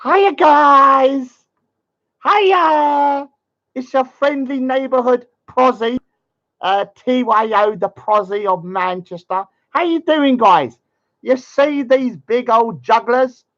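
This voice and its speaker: A man's voice: extremely high pitch, slow pace, a bit bright, highs cut off, pitched above the performer's own voice, exaggerated voice. A man voicing a boastful, taunting young man in a sing-song mocking voice.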